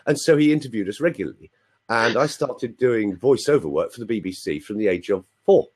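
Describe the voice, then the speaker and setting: Lively, breathy older London man. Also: medium pitch, a little fast. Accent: London English. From London, England. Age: 60s. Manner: chatty, playful, asks listeners for confirmation. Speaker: guest. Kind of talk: storytelling on a live video chat.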